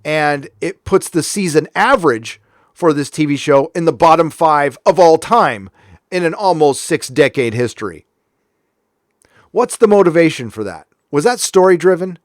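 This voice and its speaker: A man from California rants as host of his own show, sarcastic and heated. His voice sits a little high for a man. The sound is dry and close, with no room echo. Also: expressive, normal speed. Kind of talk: casual commentary rant.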